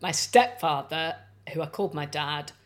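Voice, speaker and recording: Low-voiced woman telling stories. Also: normal speed. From North Wales. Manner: chatty storyteller, lots of "like" and "you know". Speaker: guest. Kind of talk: casual chat over lunch.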